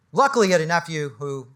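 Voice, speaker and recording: Bright punchy male coach at a seminar. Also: on the high side. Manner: punchy and animated, with rhetorical questions and a tag "right?". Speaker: business coach speaking on a panel. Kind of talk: motivational talk to a live audience. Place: indoor event space with an audience.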